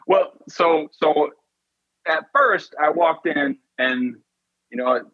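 A man's voice: a little high, slow, a bit bright, no echo, muffled recording. A man in an interview, telling a personal story in an earnest, intense way. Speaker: podcast guest.

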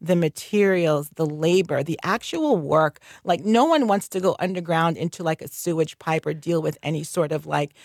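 A woman's voice: deep voice, animated, normal speed, hardly any pauses, a little mellow, no room sound, studio quality. A woman who works as a licensed general contractor, talking candidly in a radio interview, chatty and laughing often, with many fillers. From North Carolina.

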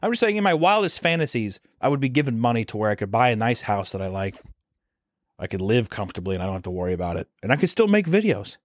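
A man's voice: on the low side, big pitch swings, fast talker, no room sound, clean studio sound. A man co-hosting a podcast in casual chat, rambling, swearing freely and restarting his sentences. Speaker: podcast co-host.

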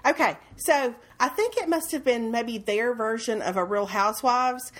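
A woman's voice: fairly high pitch, expressive, moderate pace. A woman in her thirties co-hosting a podcast from home, chatting casually with lots of fillers and restarts. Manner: rambling, self-correcting, many fillers. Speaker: podcast co-host. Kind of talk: casual chat. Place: home, dishwasher running nearby.

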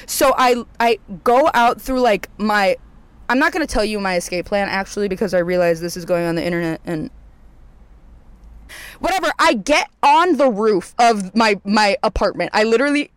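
Young adult storyteller for a casual vlog: smooth voice, rambling and cursing, dry close sound. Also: mid-range voice, normal speed, no room sound. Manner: rambling, heavy filler words and swearing, animated retelling.

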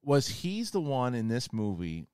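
A male host in casual film review chat, rambling with restarts and animated bursts. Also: medium pitch, a little slow, smooth, no echo, studio quality. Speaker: podcast host.

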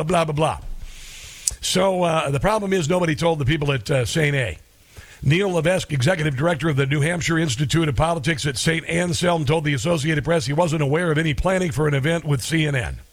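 Male talk radio host, slightly high voice, loose sarcastic monologue with chuckles. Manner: rambling, sarcastic, chuckles at own jokes.

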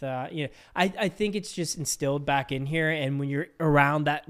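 An easygoing man from Pittsburgh talks with his co-host. He chats casually and warmly about hometown pride and family plans in a relaxed podcast setting. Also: a little high, moderate pace, clear, resonant tone. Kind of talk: casual chat.

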